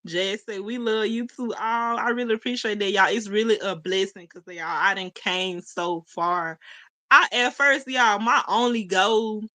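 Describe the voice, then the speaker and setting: Young woman on a phone livestream, aave, laughy and chatty w her chat, crisp bright tone. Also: mid-range voice, measured pace. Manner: chatty, laughs often, talks to chat as y'all. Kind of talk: casual livestream chat, reading comments.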